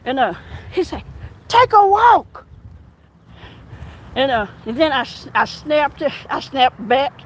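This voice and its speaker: High-voiced woman telling a story outdoors. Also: normal speed, a little hiss or hum, low-quality recording. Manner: animated, acts out quoted exchanges. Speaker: police officer. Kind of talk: casual storytelling while walking. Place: outdoors on an urban street.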